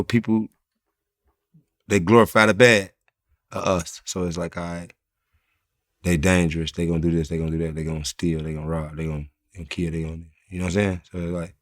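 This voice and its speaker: A rapper from Chicago talking bluntly and profanely in a casual interview, telling stories with laughs. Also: male voice, low-pitched, fairly bright tone, no echo, studio quality.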